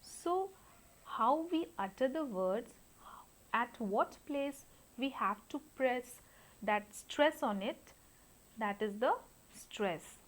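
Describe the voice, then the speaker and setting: Slow, deliberate woman teacher. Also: fairly high pitch, lively intonation, rough recording. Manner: deliberate, spells out sounds and syllables with examples. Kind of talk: slow classroom lecture.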